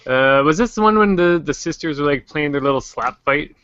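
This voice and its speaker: A man hosting a casual livestream discussion, joking and animated. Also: on the high side, brisk, no echo, lo-fi sound. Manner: joking, animated, quotes characters in silly voices. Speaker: host.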